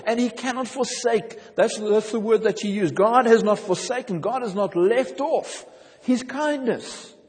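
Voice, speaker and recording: High-voiced man preaching in a reverberant hall. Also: darkish tone. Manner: earnest preaching with repeated emphatic phrases. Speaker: pastor. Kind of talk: sermon.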